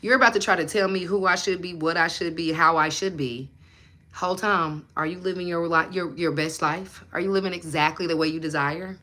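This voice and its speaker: A woman hosting a motivational chat, answering viewers bluntly and profanely, swinging between loud emphasis and low asides. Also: fairly even intonation, brisk. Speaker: manifestation coach and channel host.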